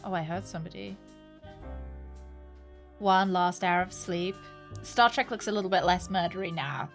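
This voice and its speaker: A woman with a lowish voice speaks at a normal pace over faint background music. She's streaming a video game, chatting casually, laughing often and exclaiming at what she discovers in relaxed let's-play commentary.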